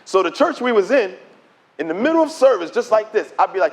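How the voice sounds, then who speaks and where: A middle-aged man giving his testimony as a preacher, telling the story in an animated way and acting out the dialogue. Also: sits high, fairly quick, gravelly. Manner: animated storytelling, acts out dialogue in quoted voices. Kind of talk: preached testimony to a conference audience.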